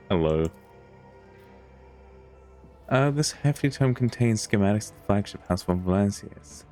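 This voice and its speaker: A man's voice: fairly low pitch, darkish tone. A man streaming a video game, reading its text aloud with casual chatty asides.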